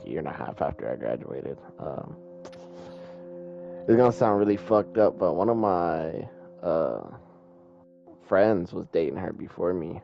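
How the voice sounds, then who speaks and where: A man's voice: extremely low pitch, creaky. A young man streaming a game and chatting casually with friends, swearing often and joking loosely. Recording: muffled stream audio with game music.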